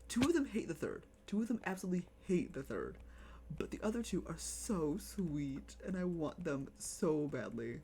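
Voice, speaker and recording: A live streamer chatting casually over gameplay, excitable, repeating phrases and cooing over pets. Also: medium pitch, moderate pace, slight background noise.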